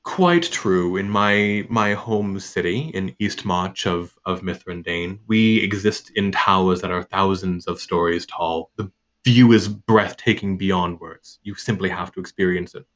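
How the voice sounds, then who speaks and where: A man's voice: low voice, unhurried, fairly bright tone, pitched below the performer's own voice. A man playing a boastful, well-traveled nobleman praising his home city.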